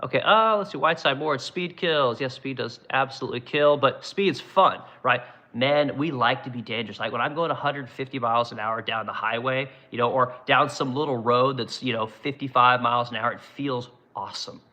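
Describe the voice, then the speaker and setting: Male host, casual profane commentary, mid pitch, bright and punchy delivery. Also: normal speed, hardly any pauses. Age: adult, runs business ten years. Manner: blunt, ranting, heavy swearing. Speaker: show host reading viewer comments.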